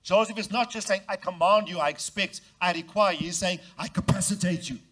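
Speaking a little fast, this pastor has a fairly bright tone as he delivers his sermon. He gets the congregation to echo phrases back and voices the story's characters with big pitch jumps.

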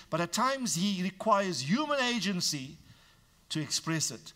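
Man, pastor, sermon, bright forceful tone, slightly high voice, frank, teasing, quiet asides and emphatic outbursts. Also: big pitch swings, unhurried. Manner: preaching, swings from low asides to emphatic raised lines.

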